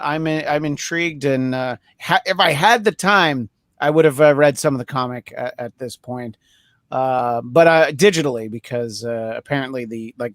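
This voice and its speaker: A man hosting a podcast in casual chat, rambling and joking with many filler pauses. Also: medium pitch, no echo, clean studio sound. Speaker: podcast host.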